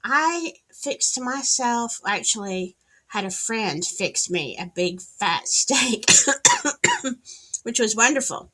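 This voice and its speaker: Southern female host, livestream hangout; bright, animated, slow-paced, sassy. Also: on the high side. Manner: chatty, greets viewers by name, sassy asides. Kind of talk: casual livestream chat. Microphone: streaming setup, wired in.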